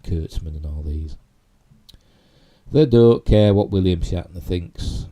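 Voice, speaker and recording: A man from Yorkshire, England, speaks in a low, slow, dark-toned voice with a Yorkshire accent. He hosts a casual live stream, rambling through geek news and leaning on "you know" and tag questions.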